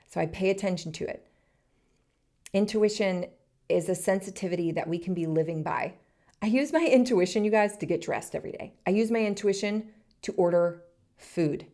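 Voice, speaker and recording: Earnest woman podcast host in her thirties, low voice, encouraging solo monologue. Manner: earnest, encouraging, speaks in short soft phrases.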